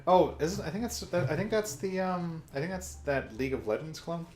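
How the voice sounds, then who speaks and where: A man's voice: on the high side, animated, moderate pace, a little mellow, echoey room, slight background noise. A man doing joking commentary while playing a video game. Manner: joking, wisecracking. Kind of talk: let's play commentary.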